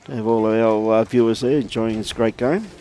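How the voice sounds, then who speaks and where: An Australian man calls a lawn bowls game with an easy, chatty manner, laughing often and calling everyone mate. His voice sits fairly low. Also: steady tone, fairly quick, mellow, slight background noise. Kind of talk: live sports commentary.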